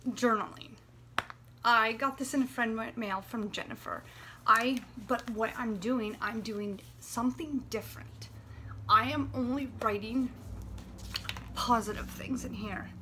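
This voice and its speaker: A woman in her late twenties, talking in a personal vlog, anxious and near tears, with a dry throat, halting and often dropping to a whisper. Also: a little high, pushed and bright, a little hiss or hum. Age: 20s. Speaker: vlogger. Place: warm apartment room.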